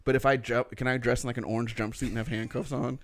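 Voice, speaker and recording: A man hosting a casual comedy podcast, telling stories loudly with lots of swearing. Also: medium pitch, fast. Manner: loud, swearing, excitable storytelling. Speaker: podcast host. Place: podcast studio.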